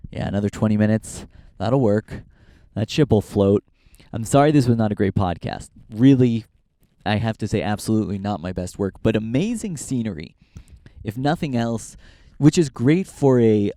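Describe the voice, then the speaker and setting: Walking outdoors on a hiking trail, this young podcast host from Northern California talks into a handheld camera, rambling, swearing, and poking fun at himself for a casual vlog. He has a lowish, smooth voice with a dark tone. There's no echo, and the recording is clean, like a studio.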